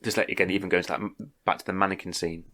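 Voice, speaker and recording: A man's voice: sits low, little pitch movement, racing, fairly bright tone. A man co-hosting a podcast, casually giving his opinions on films and explaining them at length. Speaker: podcast co-host. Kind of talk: casual film discussion.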